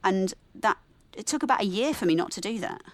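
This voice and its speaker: A woman with a softened English Midlands accent, a nurse talking candidly and reflectively as a podcast guest, often correcting herself mid-sentence. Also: medium pitch, lively intonation, fairly quick, no room sound. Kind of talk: relaxed podcast conversation.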